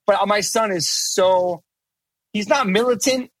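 A man's voice: high-pitched, unhurried, fairly bright tone, no echo. A middle-aged man talking as a podcast guest in casual chat, emphatic, profane and rambling, restarting his sentences.

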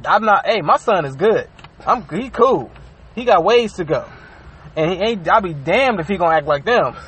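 A young adult man co-hosting a podcast, talking in a casual, profane and animated way, acting out quotes as he tells stories. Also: sits high, normal speed, husky. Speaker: podcast co-host. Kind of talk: casual chat.

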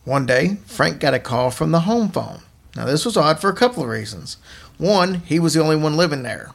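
Male podcast host, gravelly and casual, narrating creepy tales. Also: fairly high pitch, big pitch swings, brisk. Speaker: podcast host telling ghost stories. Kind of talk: casual storytelling chat.

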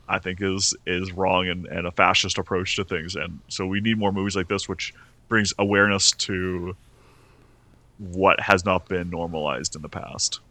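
A young man with a fairly low but bright, forceful voice, chatting casually as a podcast co-host. He rambles and restarts his sentences a lot, recorded dry and close with no room sound. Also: dry recording. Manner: rambling, restarts often, laughs between points. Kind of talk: casual podcast film review chat.

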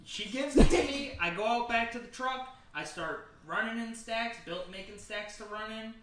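A man's voice: sits high, normal speed. A young man co-hosting a podcast, telling rambling stories with a lot of swearing. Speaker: podcast co-host. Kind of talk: casual chat. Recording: roomy, distant mic with crowd noise.

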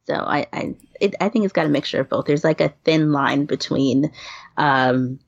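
A woman's voice: low voice, moderate pace, gravelly, dry recording. A woman from New York, a podcast guest talking casually, laughing often and restarting her sentences. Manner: laughs often, talks with many fillers and restarts. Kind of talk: casual chat. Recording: dull lo-fi sound.

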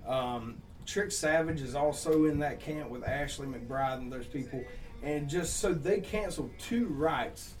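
A man's voice: fairly high pitch, measured pace, darkish tone, far from the mic, soft background music. Rambling Georgia man telling stories. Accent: Southern US, Georgia. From Southeast Georgia. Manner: rambling, laughing storyteller with cursing. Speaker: country songwriter and musician. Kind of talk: casual podcast chat, storytelling.

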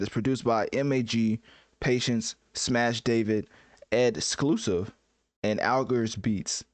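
A man's voice: mid-range voice, fairly even intonation, slow, dry recording. Joking man reacting to music, dry sound. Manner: joking, self-mocking, filler-heavy. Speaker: music commentator. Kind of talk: casual reaction commentary.

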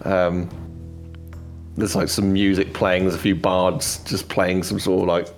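A man narrating a tabletop game as game master, relaxed and rambling. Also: low-pitched, a little slow, faint music behind. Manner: relaxed, rambling, many fillers.

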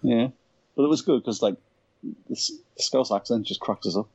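A man's voice: mid-range voice, moderate pace, a little mellow, slightly rough. A man from Yorkshire co-hosting a podcast, telling rambling anecdotes with plenty of laughter. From Yorkshire, England. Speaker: podcast co-host. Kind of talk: casual chat. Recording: dull lo-fi sound.

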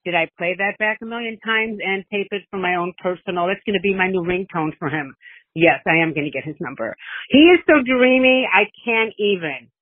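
A woman's voice: mid-range voice, animated, brisk, no echo. A middle-aged woman leaving a long, chatty voice message, gushing and rambling. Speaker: listener calling in with a voice message. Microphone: phone. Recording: tinny phone line.

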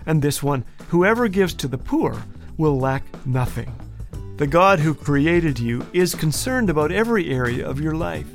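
A man's voice: a little high, creaky. A man hosting a radio show, delivering a scripted humorous monologue in a playful, joking way and chuckling at his own lines.

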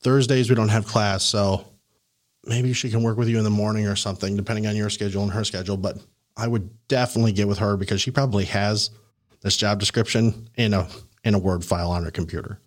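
A man hosting a podcast, coaching a guest in a casual, animated way, laughing and acting out the people he quotes. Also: on the low side, quick pace. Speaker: podcast host and career coach.

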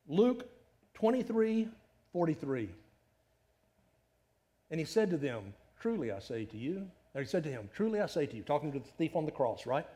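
Middle-aged pastor guy, chatty sermon, voice bounces all over, kinda high. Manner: animated, conversational preaching with rhetorical questions.

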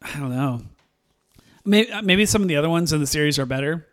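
Guy on a movie podcast, kinda higher voice, laughs a lot, acts out the scenes. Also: fairly quick. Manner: animated, laughs often, acts out quotes. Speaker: podcast co-host. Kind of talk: casual movie review chat.

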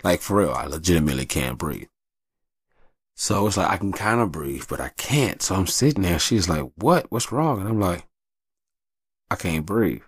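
Deep gravelly guy just talking, profane storyteller, very dry mic. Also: lively intonation, brisk, dry recording. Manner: candid, profane, acts out voices in his stories. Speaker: podcast host. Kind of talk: casual storytelling monologue.

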